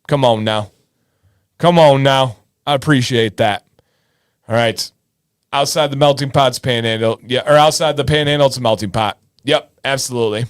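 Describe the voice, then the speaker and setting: A man's voice: mid-range voice, moderate pace, clean tone. A man in his thirties from Michigan, hosting a casual livestream and chatting with viewers by name. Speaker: livestream host. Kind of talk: casual livestream chat reading viewer comments.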